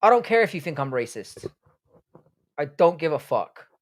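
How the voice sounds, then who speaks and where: Blunt, sweary young streamer. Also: male voice, on the high side, sing-song, moderate pace. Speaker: livestream host. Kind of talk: casual live-stream chat reading viewer comments.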